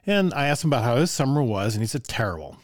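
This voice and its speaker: An older man recounting his years as an orchestra teacher, chatting easily and laughing now and then. His voice sits at an ordinary pitch, recorded close and dry with no room sound. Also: racing, dry recording. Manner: relaxed, conversational, chuckles often, asides to listener. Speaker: orchestra teacher telling stories. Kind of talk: casual storytelling.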